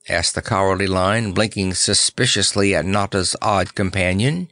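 A man narrating a children's book in a measured, expressive way. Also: low-pitched, dry recording. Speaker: audiobook narrator. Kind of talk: scripted narration.

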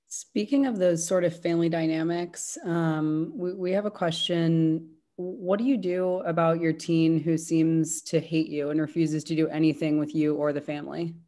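A woman hosting a discussion, reading an audience question in a measured way. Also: deep voice, steady tone, dark tone.

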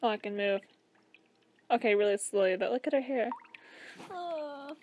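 A woman's voice: fairly high pitch, expressive, moderate pace, darkish tone, slight background noise. A young woman playing a horror game with commentary, jumpy, exclamatory and talkative. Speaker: gamer.

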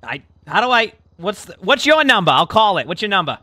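A man's voice: high voice, big pitch swings, a little fast, sharp tone, no echo, exaggerated voice. Man playing blustery role-play tenant Jeff. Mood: pushy. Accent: wobbly put-on accent, partly British. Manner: blustery, fussy about how his name is spelled. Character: brash, touchy male city tenant Jeff. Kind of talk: improvised game role-play.

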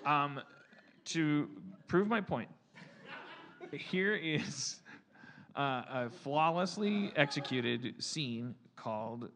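A man's voice: a little high, animated, very slow, long pauses, a bit bright. A man hosting a live comedy podcast on stage, rambling and stammering playfully through his banter. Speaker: podcast host. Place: live theater stage with audience.

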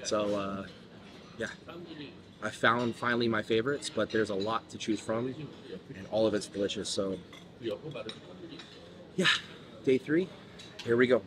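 A man's voice: fairly low pitch, measured pace, long pauses. A man hosting a casual vlog, chatty and upbeat, talking at a hotel breakfast buffet. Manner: chatty, upbeat, says "bro" and "like". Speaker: vlog host. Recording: busy crowd noise behind. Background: loud crowd chatter.

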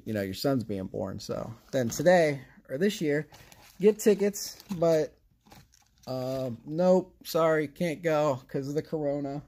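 Man, casual vlog host, sarcastic, rambling chatter, mid pitch. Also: a little mellow. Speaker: card collecting channel host. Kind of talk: casual card-opening vlog.

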